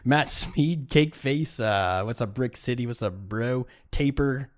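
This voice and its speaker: A man's voice: mid-range voice, takes it slowly. A man hosting a live stream, chatting casually and greeting viewers in chat by name. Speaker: livestream host. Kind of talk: casual livestream commentary.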